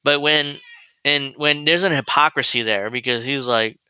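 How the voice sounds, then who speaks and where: Blunt, profane man with a bright voice. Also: medium pitch, moderate pace, clean tone, no room sound, low-quality recording. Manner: mocking, laughs at his own points. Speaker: commentary show host. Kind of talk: political commentary livestream.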